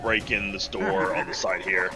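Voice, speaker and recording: A man playing a tabletop game online, deliberately describing his character's actions. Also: low-pitched, level tone, over music, low-quality recording. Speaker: player. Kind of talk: casual tabletop game chat.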